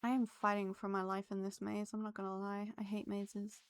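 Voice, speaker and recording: A woman's voice: medium pitch, completely flat delivery, fairly quick. A woman live-streaming a game, chatting to her viewers and laughing often. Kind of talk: live gameplay streaming chat.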